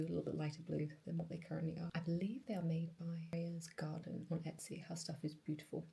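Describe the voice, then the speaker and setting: Chatty young woman, gravelly low voice. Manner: chatty, relaxed, talks while crafting. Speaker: vlogger. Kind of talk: casual vlog narration.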